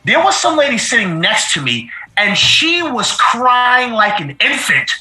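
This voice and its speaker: This middle-aged man is a casual guest on a show, emotionally and animatedly telling stories while repeating phrases. He speaks a little slowly in an extremely high voice, and the recording has a roomy echo.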